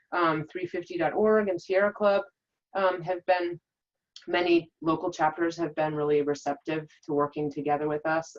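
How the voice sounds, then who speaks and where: A woman's voice: on the low side, muffled recording. A woman, a regional coordinator, gives an earnest, upbeat webinar presentation with many filler ums.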